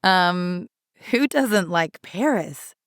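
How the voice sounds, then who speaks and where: A woman teaching a language lesson, saying each word slowly and clearly for learners. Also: on the low side, lively intonation, no room sound, clean studio sound. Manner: slow, clear pronunciation for learners. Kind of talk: scripted lesson narration.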